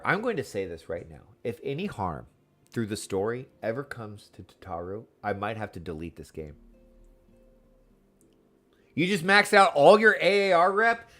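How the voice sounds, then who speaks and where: An excitable man chats away as he streams a game, his voice bouncing through a wide, lively pitch range over a mid-height tone. He talks casually to his viewers. A faint bed of music sits behind him. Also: normal speed. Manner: excitable, chatty, answers chat. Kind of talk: casual live gameplay chat.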